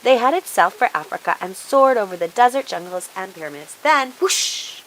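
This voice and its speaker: A woman reading a children's storybook aloud in an expressive, animated way. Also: mid-range voice, a little fast, slight background noise, rough recording.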